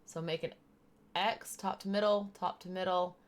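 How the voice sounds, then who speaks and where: A woman's voice: on the low side, steady tone, normal speed. A woman chatting casually while she does her makeup, explaining each step as she goes. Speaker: streamer doing makeup. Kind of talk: casual makeup tutorial chat.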